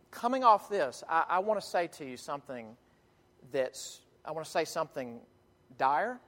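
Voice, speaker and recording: A man preaching a sermon in earnest, emphatic tones, with dramatic pauses and frequent restarts, in a church sanctuary. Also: a little high, fairly bright tone. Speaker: pastor. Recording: long hall reverb.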